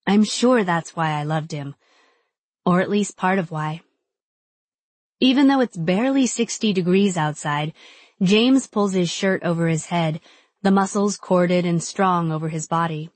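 Low-voiced woman narrating an audiobook. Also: a little slow, no echo. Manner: intimate, reflective. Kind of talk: first-person audiobook narration.

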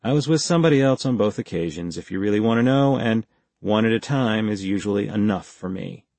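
A man's voice: on the low side, a little fast, creaky, darkish tone, no room sound. A male audiobook narrator voicing a terse, guarded former army major who gives clipped, dry answers. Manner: laconic, clipped, dry replies. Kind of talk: audiobook character voice.

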